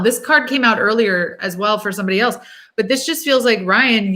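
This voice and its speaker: A young woman hosts a live tarot stream, talking through each card in a loose, thinking-aloud way. Her voice is bright and forward, upbeat and encouraging, full of little "um"s and "like"s. Her pitch sits in a middle range. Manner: chatty, thinks aloud, fills pauses with "um" and "like". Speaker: tarot reader hosting a livestream. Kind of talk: casual live-stream chat.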